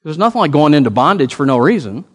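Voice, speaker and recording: A man preaching a sermon as pastor, telling a story with lively swings in his voice. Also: on the high side, fast.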